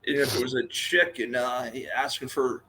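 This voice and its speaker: A man's voice: mid-range voice, level tone, moderate pace, bright, forceful tone, a little hiss or hum. A man co-hosting a casual talk show, mostly agreeing and adding short remarks. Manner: agreeable, chimes in briefly. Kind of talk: casual chat.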